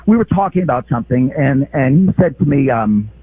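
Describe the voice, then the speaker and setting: Man calling into radio, gravelly and husky, heartfelt reminiscing, tinny phone line. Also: mid-range voice, expressive, a little fast, dry recording. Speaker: caller, radio host. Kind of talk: call-in radio chat. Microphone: telephone.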